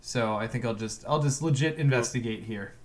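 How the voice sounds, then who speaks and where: A man's voice: medium pitch, a little fast. A man co-hosting a podcast, chatting in an easygoing, reflective way while playing a card game. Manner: easygoing, reflective, laughs easily. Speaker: podcast co-host. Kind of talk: casual game-play chat.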